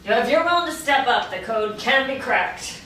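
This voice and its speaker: A woman's voice: on the high side, fairly quick. A woman reading a patient language teacher. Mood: instructive. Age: 40s. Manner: calm and instructive. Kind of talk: virtual play reading. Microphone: video call. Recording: echoey, distant video-call audio with faint noise.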